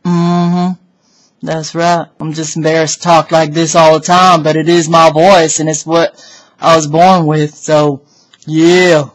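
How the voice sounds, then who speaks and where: Woman putting on a deep, drawling dude voice. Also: little pitch movement, takes it slowly, low-quality recording. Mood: laid-back. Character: deep-voiced laid-back dude, slightly embarrassed. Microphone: webcam.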